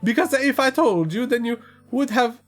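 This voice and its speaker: A woman voicing a cheerful teenage schoolgirl who hides deep sadness, her lines wavering and half-laughing through tears. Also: expressive, moderate pace, soft background music, natural voice. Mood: pleading.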